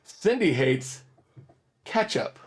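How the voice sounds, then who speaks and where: A man's voice: fairly high pitch, sing-song, takes it slowly, husky. A man co-hosting a podcast in casual chat, upbeat and chatty, keeping the tasting game moving. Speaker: podcast co-host.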